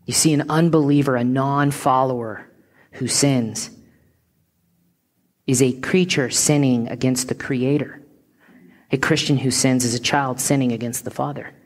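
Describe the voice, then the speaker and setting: A woman pastor preaching a sermon in an earnest, emphatic way, slowing on key words and sometimes dropping to a hushed whisper. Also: very deep voice, fairly even intonation.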